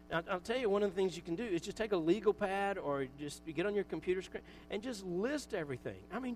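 A man's voice: high voice, slight background noise, poor audio. A pastor preaching a casual, conversational sermon, joking at his own expense and acting out little asides. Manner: conversational, self-mocking, with acted asides.

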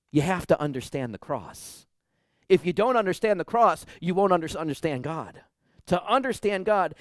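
A man preaching a sermon as pastor, emphatic, swinging between loud declarations and hushed, quiet lines. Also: sits high, no room sound, studio quality.

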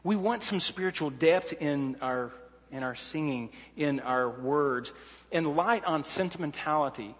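A man's voice: a little high, measured pace, in a large hall, dull audio. A man preaching a sermon in an earnest way, laying out numbered points and often restarting his sentences.

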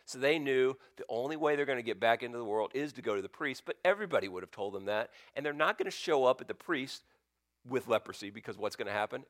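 A male pastor preaching a sermon as a story, swinging between loud bursts and near-whispers. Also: medium pitch, animated, quick pace, no room sound, clean studio sound.

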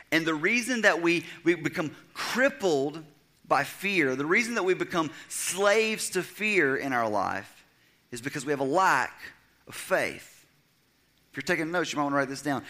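A young adult man preaching a sermon, swinging from loud, emphatic stretches down to a hushed near-whisper. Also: on the high side. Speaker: pastor.

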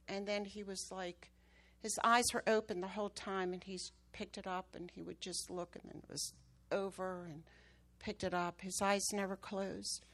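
A woman with a mid-range, slightly bright voice preaches to her church, sharing a testimony. At the key moments of her story she breaks into emphatic, rising bursts.

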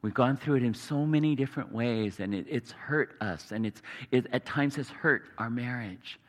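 A man preaching a sermon earnestly, sometimes dropping to a hushed tone. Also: medium pitch, moderate pace, long reverb tail. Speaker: pastor.

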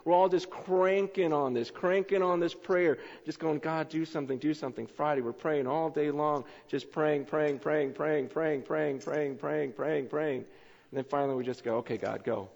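Man, pastor, sermon, repetitive animated storytelling, slightly high voice, muffled, long hall echo. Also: measured pace, vocal fry.

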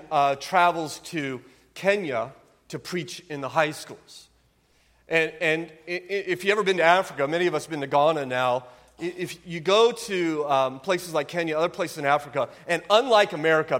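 A man's voice: fairly high pitch, a bit bright, long reverb tail. A man preaching a sermon as pastor, with an earnest, emphatic delivery and frequent rhetorical questions.

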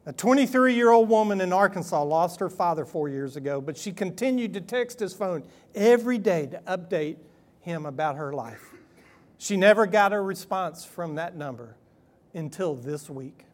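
A man's voice: high voice, lively intonation, normal speed. A middle-aged man, a pastor telling a story in a folksy, conversational sermon, chuckling and acting out quoted texts.

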